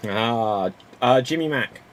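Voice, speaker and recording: A man's voice: mid-range voice, expressive, slow pace. A man hosting an improv comedy game, upbeat and calling on players by name. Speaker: improv host.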